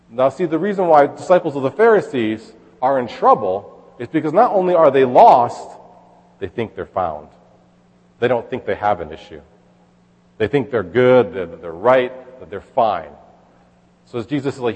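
A man gives a sermon with a slightly husky voice, sounding easygoing. He reads scripture aloud, then explains it with fillers and restarts. A long, lingering reverb trails his words. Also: medium pitch, very animated, moderate pace, a little mellow. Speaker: pastor.

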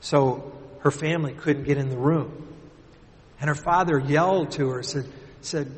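A man preaching a sermon earnestly, lifting his voice for emphasis and dropping soft at the ends of his points. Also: on the high side, moderate pace. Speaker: pastor. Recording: long reverb of a large hall.

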